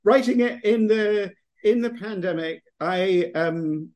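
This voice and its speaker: A man's voice: high voice, takes it slowly, darkish tone. A middle-aged English man talking as an author guest in a podcast interview, rambling with many restarts and fillers. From England.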